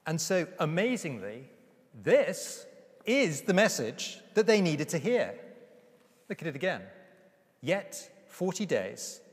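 A man preaching a sermon with emphasis, slowing down to read scripture aloud. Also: fairly high pitch. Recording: reverberant hall.

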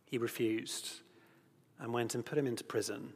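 A husky male voice of medium pitch and normal speed delivers a sermon in a church, the large hall giving it a long reverb. Earnest in tone, he reads scripture, asks rhetorical questions, and now and then grows animated.

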